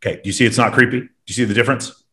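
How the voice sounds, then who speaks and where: A man's voice: mid-range voice, fairly even intonation, racing, pushed and bright. A man hosting a casual podcast, talking bluntly and emphatically with lots of swearing. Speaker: host.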